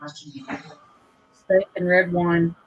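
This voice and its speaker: A woman's voice: lowish voice, monotone, extremely slow, husky, highs cut off. A woman chatting casually with friends in a laid-back, giggly way, reading out chat comments. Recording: faint background noise.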